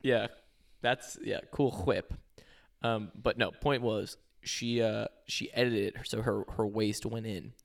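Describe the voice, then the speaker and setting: A young man chats casually on a podcast, rambling through his stories with plenty of fillers, restarts and "like"s. His voice sits a little low. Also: steady tone, unhurried, creaky. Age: young adult. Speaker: podcast co-host. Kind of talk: casual chat.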